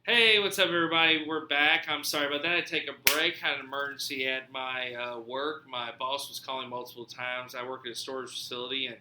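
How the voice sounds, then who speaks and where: Guy podcast host, animated and sweary, acts out the dialogue, echoey room with faint hiss. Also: medium pitch, fast, hardly any pauses. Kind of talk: casual storytelling chat.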